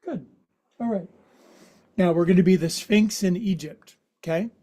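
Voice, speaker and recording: A man's voice: high voice, moderate pace, mellow. A man in his sixties leading a guided yoga class, giving instructions in a playful, joking, chatty way. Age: 60s. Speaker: yoga teacher.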